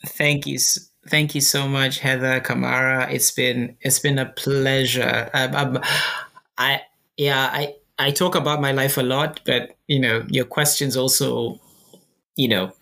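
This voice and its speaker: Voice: medium pitch, little pitch movement, a little slow, vocal fry, bright, forceful tone. A guest from Uganda, chatting in an interview and explaining things step by step with frequent restarts. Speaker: guest, filmmaker. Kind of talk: casual interview chat.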